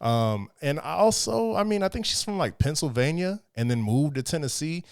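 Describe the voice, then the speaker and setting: A man's voice: a little high, expressive, smooth, dry recording, studio quality. A young man from Texas, giving casual, blunt and profane commentary. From Texas, USA. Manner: blunt and profane, drawn-out asides.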